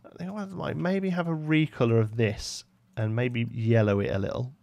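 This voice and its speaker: A man's voice: mid-range voice, moderate pace, a little mellow, no echo, lo-fi sound. Chatty man with a Brummie accent. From West Midlands, England. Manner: chatty, reads chat aloud and answers viewers. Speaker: live-stream host. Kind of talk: casual live-stream chat while building.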